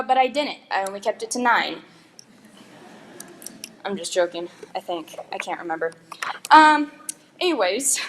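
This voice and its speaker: Chatty young woman giving a graduation speech. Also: a little high. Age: young adult. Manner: chatty, joking, giggling asides. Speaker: graduating valedictorian. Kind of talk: commencement speech. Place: school graduation ceremony.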